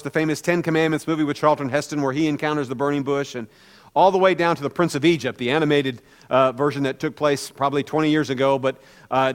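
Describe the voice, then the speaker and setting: A man's voice: on the high side, in a large hall. A man preaching a conversational sermon as a pastor, telling a story informally with many "kind of" hedges.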